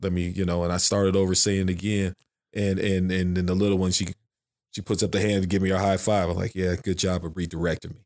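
A man's voice: low-pitched, flat delivery, quick pace, a little mellow. A man who is a father of three, talking frankly and emphatically in a casual podcast conversation, repeating his phrases as he goes.

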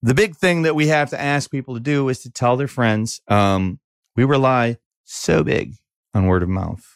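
A man's voice: medium pitch, normal speed, no room sound, clean studio sound. A man co-hosting a podcast, chatting casually and animatedly, joking and swearing. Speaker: podcast co-host. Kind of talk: casual chat.

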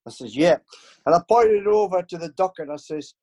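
An older man tells long, rambling stories as an interview guest. His voice sits notably high, and he keeps pausing on ums and starting his sentences over. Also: animated, warm tone. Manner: rambling anecdotes with many fillers and restarts. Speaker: interview guest, former football club staff. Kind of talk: casual storytelling.

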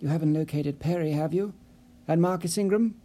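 Fretful, pleading office man, voiced by a male narrator, slightly high and mellow. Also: brisk, lightly acted. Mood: anxious. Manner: anxious, pleading and apologetic. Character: nervous, fretful middle-aged office man. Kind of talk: audiobook character voice.

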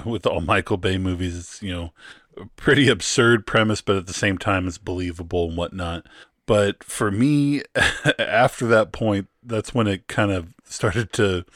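A man with a fairly low voice picks apart a film in a casual review chat, laughing often as he talks. The sound is dry and close. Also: moderate pace, fairly bright tone, no room sound. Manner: laughs often while making his points. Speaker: podcast co-host.

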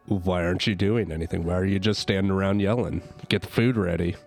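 A man's voice: sits low, steady tone, fast talker, gravelly, darkish tone, soft background music. A man voicing his adventurer, who takes a condescending, demanding tone with goblins.

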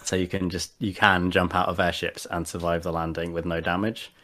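A man's voice: low-pitched, little pitch movement, fairly quick, bright, forceful tone. A man chatting casually as a podcast co-host and tabletop player, rambling with many fillers and restarts. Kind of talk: casual chat.

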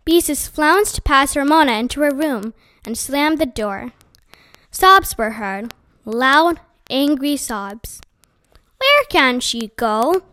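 A high-voiced woman reading a children's book aloud. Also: slow pace, dry recording. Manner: gentle, expressive narration. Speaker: storyteller.

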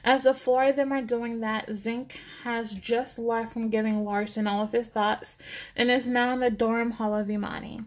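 Woman narrating a story, steady. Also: on the high side, moderate pace.

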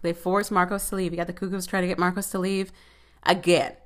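A woman's voice: fairly low pitch, brisk. A woman casually recapping a TV episode, talking in sassy, profane asides with plenty of filler words. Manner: sassy, profane, animated commentary.

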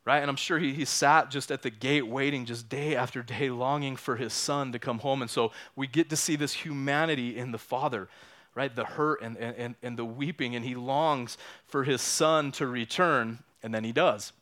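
Weaving a personal story into his conversational sermon, a pastor in his thirties or forties keeps repeating words and checking in with "right?". He talks at normal speed in a mid-range, fairly bright voice with fairly even intonation.

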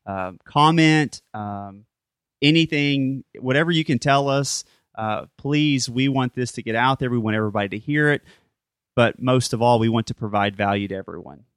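A man's voice: mid-range voice, normal speed, clear, resonant tone, no room sound, clean studio sound. A man co-hosting a podcast in casual chat, upbeat and friendly as he talks to listeners. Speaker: podcast co-host.

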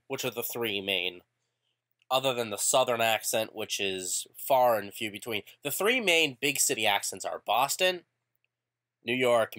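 Animated, opinionated podcast co-host, a man. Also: mid-range voice. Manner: animated, opinionated, swears offhand. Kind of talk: casual podcast chat.

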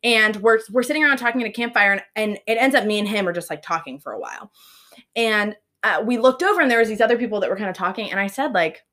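A young woman co-hosting a casual chat, telling stories in an animated way with lots of filler words and frequent laughs. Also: medium pitch, fast talker. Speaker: podcast co-host.

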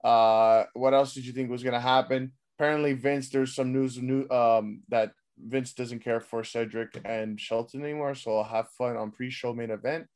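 A man's voice: medium pitch, fairly even intonation, normal speed, hardly any pauses, a little mellow, smooth. Casual profane man recapping wrestling. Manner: loose, profane, rambling. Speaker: wrestling podcast host.

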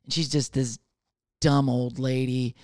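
A young adult man, a comedian, riffing in a casual rambling monologue, swearing often and slipping into quick voices of other people. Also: mid-range voice, flat delivery, a little mellow, no echo, studio quality.

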